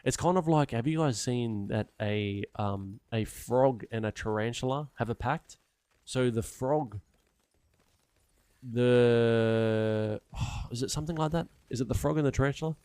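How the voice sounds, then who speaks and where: A young male streamer rambles casually while he plays, swearing freely and marveling out loud. His voice sits at a middling pitch and is dry and close on a desk mic. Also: a little slow, smooth, no room sound. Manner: rambling, sweary, animated wonder. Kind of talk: casual chat while gaming.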